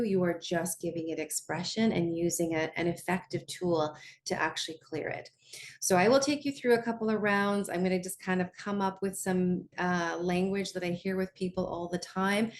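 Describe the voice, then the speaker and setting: A woman's voice: mid-range voice, slight background noise. A woman coach leading a guided lesson in a conversational way, often checking in with her listeners. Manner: slows down to guide tapping.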